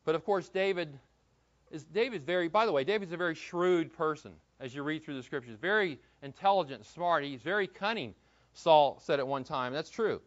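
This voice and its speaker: A man's voice: a little high, expressive, moderate pace, muffled recording. A man preaching an expository Bible sermon in a conversational way, asking the congregation questions as he retells the story. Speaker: pastor.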